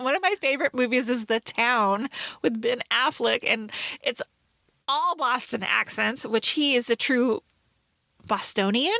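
A woman co-hosting a podcast in casual chat, talking fast and loose with lots of fillers and playful quoted asides. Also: on the high side, vocal fry, sharp tone, dry recording, studio quality. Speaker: podcast co-host.

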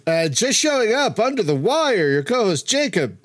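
A man's voice: sits high, sing-song, unhurried, no room sound, studio quality. A man from Philadelphia hosting a casual podcast chat, laughing often and tripping playfully over his words. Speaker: podcast host. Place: home setup on a voice call.

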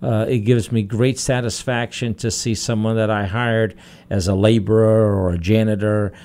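A man's voice: on the low side, level tone, normal speed, darkish tone. A man in his fifties, a human resources director, speaking earnestly and steadily as a radio guest, with frequent fillers. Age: 50s. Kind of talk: radio interview. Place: radio studio.

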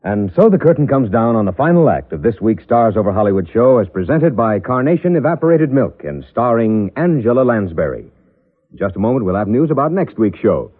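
A man announcing a 1950s radio show and reading ads in a smooth, salesy, emphatic way. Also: medium pitch, very animated, fairly quick. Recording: tinny lo-fi vintage radio broadcast.

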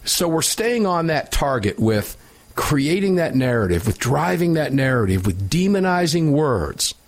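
A man's voice: on the high side, big pitch swings, a little slow. A man hosting a talk radio show, giving opinionated commentary in an emphatic, sarcastic way.

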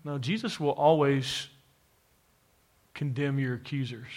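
A man's voice: mid-range voice, steady tone, a little slow, a little mellow. A man preaching a sermon to a live congregation, emphatic and repetitive, speaking straight to his listeners. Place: church, to a live congregation with an online audience.

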